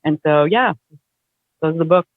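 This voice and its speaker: A woman guest in a casual conversation, talking in an animated, chatty way with lots of fillers. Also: low-pitched, moderate pace, dry recording. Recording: dry, tinny phone-like line.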